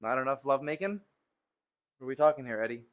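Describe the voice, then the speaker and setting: A man's voice: medium pitch, animated, fast talker, a bit bright. A man live-streaming his workout from a home gym, teasing a viewer in casual joking banter with laughs and sighs between lifts. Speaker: fitness streamer.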